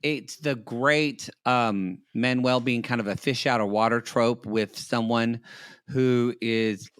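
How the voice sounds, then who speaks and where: A man's voice: mid-range voice, steady tone, fairly bright tone, clean tone, no room sound, clean studio sound. A man co-hosting a podcast, riffing wryly in casual chat about reality TV. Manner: wry, quick-witted riffing. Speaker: podcast co-host.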